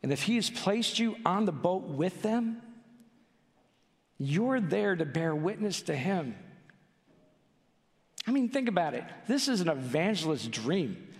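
A man's voice: sits high, sing-song, slow, long pauses. A male pastor preaching a sermon in a church, driving his points home with rhetorical questions and pleading emphasis. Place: church sanctuary. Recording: long church hall reverb.

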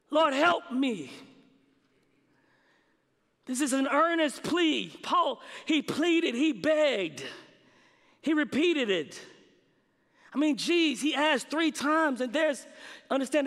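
A man delivers a sermon in a high, bright voice. He leans on dramatic pauses and repeats key lines for weight. Long reverb from a large hall trails every phrase. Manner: preaching with dramatic pauses and emphatic repetition. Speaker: preacher.

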